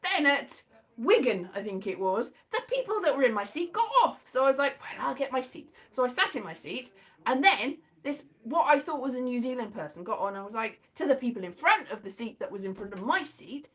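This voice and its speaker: A woman's voice: on the high side, expressive, brisk, fairly bright tone. A woman telling a rambling travel anecdote in a casual vlog, with many restarts and asides.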